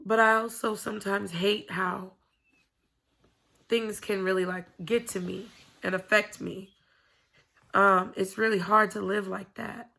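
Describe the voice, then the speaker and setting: A woman's voice: medium pitch, steady tone, a little slow, vocal fry, sharp tone. A woman vlogging to camera from home, talking in a candid, rambling way and swearing freely. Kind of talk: casual confessional chat to camera.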